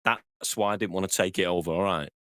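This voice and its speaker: A man's voice: deep voice, fast talker, a bit bright, no room sound, studio quality. A man doing a comedy impression of a grumpy, swearing Northern English actor with a Northern accent. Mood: grumbling. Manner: grumbling, sweary, cheeky.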